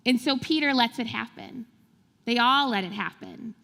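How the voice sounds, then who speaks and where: A woman's voice: on the high side, normal speed, gravelly, bright, forceful tone. A woman pastor preaching a sermon, telling the story animatedly and acting out the quotes. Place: large church sanctuary. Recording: long hall reverb in a church.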